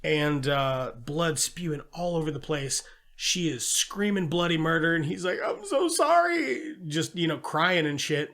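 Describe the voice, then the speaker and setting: A man's voice: on the high side, moderate pace. A man co-hosting a casual movie podcast, retelling scenes with lots of swearing and acting out the characters' lines. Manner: animated retelling with acted-out quotes and swearing. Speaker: podcast co-host. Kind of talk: casual movie review chat.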